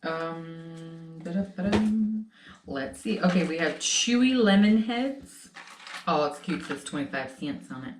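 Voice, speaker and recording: A woman with a slightly low voice tells stories in an animated, casual way. She sits a bit back from the mic in a roomy space with a faint hiss underneath. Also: moderate pace, recorded from a distance. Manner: animated storytelling. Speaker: host. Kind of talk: casual chat.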